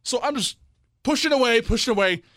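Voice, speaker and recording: A young man, co-hosting a casual chat show and telling a story with lively quoted voices and frequent laughter. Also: extremely high pitch, fairly quick, dry recording, clean studio sound. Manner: animated storyteller, acts out quotes, laughs often. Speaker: podcast co-host.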